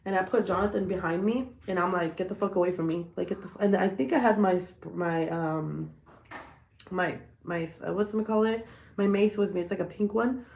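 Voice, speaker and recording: A woman in her thirties, a vlogger telling stories in a blunt, profane, animated casual chat. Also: medium pitch, normal speed, gravelly, reverberant.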